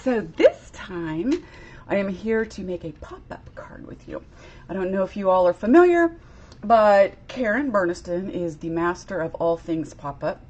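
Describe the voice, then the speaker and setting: A woman's voice: fairly high pitch, a little mellow, lo-fi sound. A woman giving a chatty live-streamed craft demo, greeting viewers by name in a bubbly, casual way. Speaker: crafter demonstrating a product.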